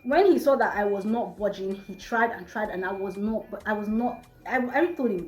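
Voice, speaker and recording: A young woman telling a storytime vlog to her viewers, chatty and animated. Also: medium pitch, normal speed, hardly any pauses. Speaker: vlogger. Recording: roomy with faint music.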